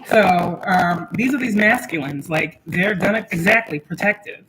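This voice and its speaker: A woman's voice: lowish voice, lively intonation, unhurried, a bit bright, slight background noise, rough recording. A young woman, chatting on a home livestream as a spiritual reader and laughing as she talks to her kids. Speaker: spiritual reader and channel host. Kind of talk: casual livestream talk.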